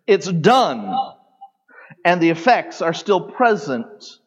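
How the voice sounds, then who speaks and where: A pastor preaching a sermon, teaching animatedly with sudden loud peaks and soft drops, in a large church sanctuary. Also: male voice, fairly high pitch, sing-song, slow, breathy edge. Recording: long hall reverb, dull lo-fi sound.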